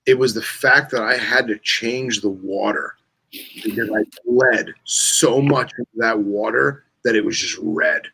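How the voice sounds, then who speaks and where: A man's voice: lowish voice, measured pace, gravelly, pushed and bright, breathy edge. A man co-hosting a casual podcast chat, telling animal stories and acting out the quotes. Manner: storytelling, acts out quotes. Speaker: podcast co-host.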